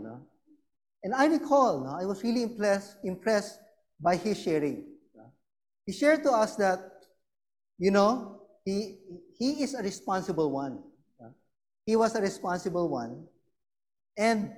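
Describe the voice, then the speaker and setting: A man's voice: high voice, darkish tone. A middle-aged Filipino man with a Filipino accent, preaching a sermon with anecdotes, often tagging lines with "no?" and acting out the people in his stories. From Philippines. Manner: anecdotal, keeps adding "no?" and acting out quoted voices.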